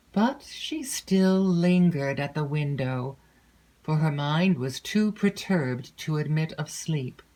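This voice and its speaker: A woman narrating a classic gothic novel in an unhurried, measured storytelling voice. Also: low voice, darkish tone, poor audio. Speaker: audiobook narrator.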